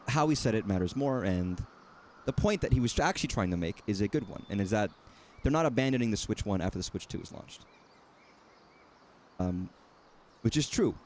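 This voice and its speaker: Male streamer doing casual game commentary; animated pitch, wry and rambling, faint noise underneath. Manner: rambling, self-correcting, wry.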